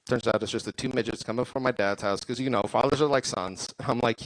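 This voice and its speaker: A man performing a stand-up set at a comedy club, delivering deadpan punchlines into a stage mic. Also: mid-range voice, a little fast, no echo, low-quality recording.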